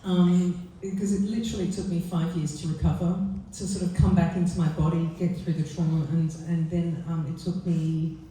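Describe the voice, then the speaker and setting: A woman author speaking softly and earnestly at a book launch, often pausing with fillers. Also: on the low side, level tone, slight background noise. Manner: soft, heartfelt, halting with fillers. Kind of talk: conversational talk and poetry reading. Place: event venue. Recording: echoey room from far off.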